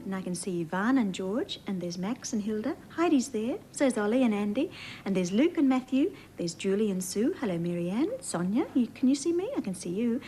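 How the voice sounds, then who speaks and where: An Australian woman hosting a children's TV show, reading a storybook aloud and talking gently to young viewers in a sing-song way. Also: mid-range voice, sing-song, a little fast, a little hiss or hum, low-quality recording. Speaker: children's TV host.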